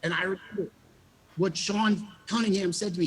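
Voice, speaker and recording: A man, a former child actor, telling animated stories in a casual interview and acting out the quotes. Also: high-pitched, normal speed. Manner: animated storyteller, acts out quotes with laughs.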